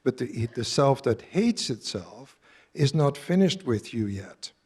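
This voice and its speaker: A man's voice: mid-range voice, sing-song, unhurried, a little mellow, breathy edge. A man in his seventies giving a live talk to an audience, earnest and direct, quizzing his listeners. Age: 70s. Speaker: workshop speaker.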